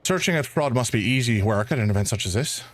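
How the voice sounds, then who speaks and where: A man's voice: mid-range voice, expressive, fast, no room sound, natural voice. A man reading the lines of a blunt, skeptical male detective in his own voice. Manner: blunt, questioning.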